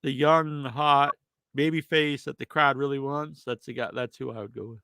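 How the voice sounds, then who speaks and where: A man's voice: mid-range voice, steady tone, normal speed, bright, forceful tone, smooth, dry recording. A man hosting a live podcast with a stuffed-up nose, answering viewer questions in a rambling, casual way with plenty of fillers. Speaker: podcast host. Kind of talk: casual live-stream chat.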